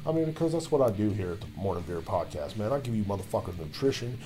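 A man's voice: fairly low pitch, animated, fast talker. A man hosting his own podcast, ranting loosely with constant swearing while he drinks a beer. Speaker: podcast host. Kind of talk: profane solo podcast rant.

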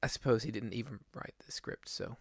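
Male podcast co-host, gravelly, rambling casual film chat, dry close sound. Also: mid-range voice, fairly quick, no echo. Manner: rambling, lots of restarts and fillers.

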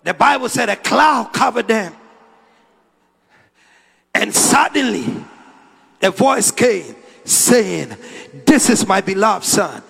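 A man preaching a sermon as a prophet, dramatic, swinging from quiet asides to shouted lines. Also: high voice, expressive, slow, gravelly, pauses often, husky. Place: large church hall. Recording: long hall reverb.

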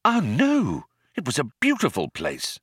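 A man's voice: mid-range voice, wildly swooping pitch, a little slow, a bit bright, breathy edge, no room sound, studio quality, voice pushed up, exaggerated voice. A man voicing a homesick, wistful human man in an audiobook, in an earnest, pleading tone.

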